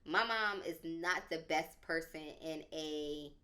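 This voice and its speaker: A young adult woman tells a personal story on a podcast, casual, slangy and dramatic. She speaks slowly in a low voice, animated throughout and saying "like" a lot.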